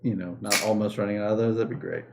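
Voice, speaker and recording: A man streaming a board game, joking with the other players in quick casual chat. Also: lowish voice, steady tone, background noise. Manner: jokey, quick interjections.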